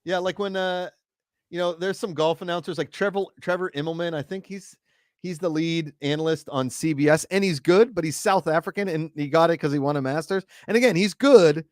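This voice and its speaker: A man's voice: on the high side, fairly quick, no echo, clean studio sound. A man hosting a casual sports watch party, joking and chatting loosely. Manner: joking, animated, does accents.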